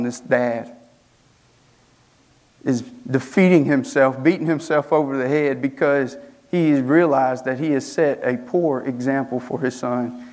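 A young male student pastor preaching from the pulpit. His voice sits a little high for a man, and he drives his points home with strings of rhetorical questions and rising emphasis. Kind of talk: sermon.

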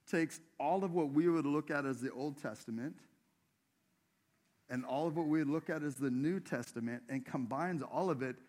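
A man's voice: medium pitch, a little mellow. A male pastor preaching a sermon in a church, talking conversationally and asking the congregation questions.

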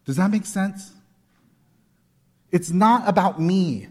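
A man's voice: high-pitched, slow pace, a little mellow. A man in his forties preaching a sermon, telling personal stories with earnest, emphatic repetition. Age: 40s. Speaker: pastor. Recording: long hall reverb.

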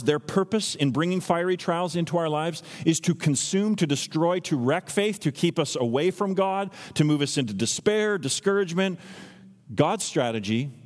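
A man in his thirties preaching a sermon as a pastor, teaching earnestly and acting out quotes in lively voices. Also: on the high side. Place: church sanctuary. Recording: long reverb from a church hall.

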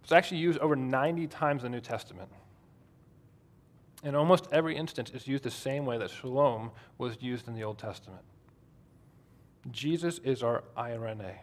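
A man's voice: medium pitch, normal speed, pauses often. A man preaching a sermon in a conversational way, asking the congregation questions. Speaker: pastor.

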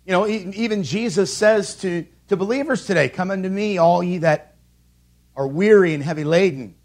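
A man's voice: high-pitched, normal speed, a little mellow. A man preaching a sermon from a church pulpit, emphatic, with repeated calls and rhetorical questions. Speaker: pastor.

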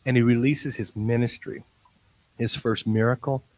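A man preaching a sermon, telling a story in acted-out dialogue and swinging from quiet asides to loud, excited bursts. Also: medium pitch, moderate pace, no room sound, poor audio. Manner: tells stories in quoted dialogue.

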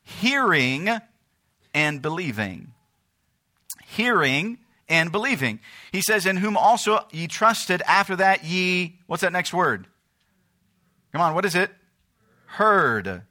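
Man, pastor, sermon in church, bright tone, emphatic, asks the congregation questions. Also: sing-song, slow pace, pauses often. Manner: preaching, rising in pitch and force, calling out to the congregation.

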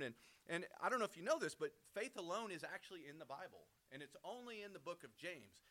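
A man's voice: high-pitched, sing-song, fast talker, few pauses, a bit bright. A man giving a casual Bible teaching, conversational, often checking in with "right?" and restarting his words. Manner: frequent restarts and repeated words.

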